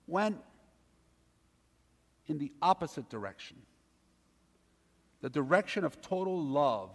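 A man in his forties, a priest, delivering a sermon with animated storytelling and acted-out quotes. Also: a little high, a little slow, pauses often, in a large hall. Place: church.

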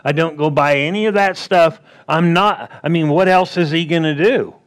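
A man preaching a sermon in a slightly raised, lightly higher voice. He keeps it plain-spoken and conversational, firing off rhetorical questions and acting out little back-and-forth quotes to drive each point home. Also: normal speed. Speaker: pastor.

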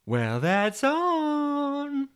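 A man's voice: wildly swooping pitch, fairly bright tone, exaggerated voice. A man voicing a sugary AI assistant woman. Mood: coaxing. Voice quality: high breathy falsetto, very slow. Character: sugary female AI shopping assistant, pushy.

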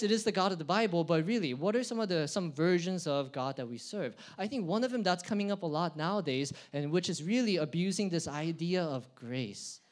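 High-voiced young preacher, swinging loud to quiet. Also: male voice. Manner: swings between loud emphatic build-ups and quiet low asides. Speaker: pastor. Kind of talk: sermon.

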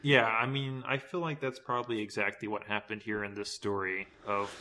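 A man in casual chat, chiming in with quick jokes and quips. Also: lowish voice, flat delivery, sharp tone.

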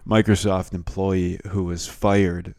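Very low-voiced man telling a story. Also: slow pace, no echo, clean studio sound. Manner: animated storyteller, loose and joking. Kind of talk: casual chat.

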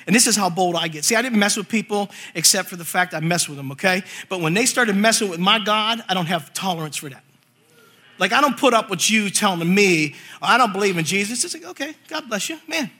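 A male preacher telling a funny story in a sermon, animated and acting out voices, laughing as he goes. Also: sits high, a little fast.

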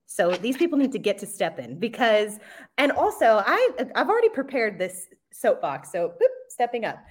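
Animated woman guest, bubbly and quick to laugh, on a video call. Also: on the high side, slight background noise. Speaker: guest, media relations manager. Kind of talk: casual podcast chat.

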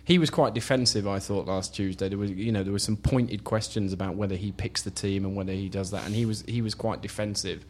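A man's voice: fairly low pitch, steady tone, a little fast, hardly any pauses. A man on a football podcast panel, giving opinions in casual chat with frequent "you know" fillers.

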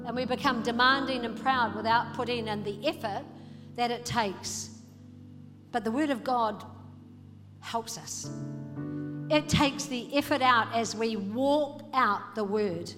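A woman's voice: a little high, unhurried. A woman preaching a sermon to her congregation, exhorting with rhetorical questions. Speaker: pastor. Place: church hall. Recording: reverberant hall with music underneath.

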